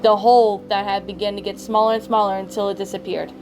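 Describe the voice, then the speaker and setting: A woman reading a creepypasta aloud in a halting way, often stumbling and correcting herself. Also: medium pitch, level tone, a little mellow, slight background noise. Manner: halting, frequent self-corrections. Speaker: story reader. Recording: faint background music.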